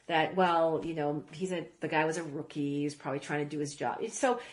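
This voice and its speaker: A woman guest who grew up in Iraq, telling stories in a casual interview, rambling with quick asides. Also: sits low.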